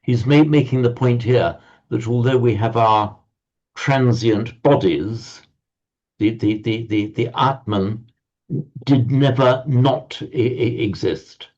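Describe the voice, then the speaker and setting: A man teaching a Sanskrit class over a video call, explaining slowly with frequent stammered restarts and reciting verses. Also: mid-range voice, a little mellow, lo-fi sound.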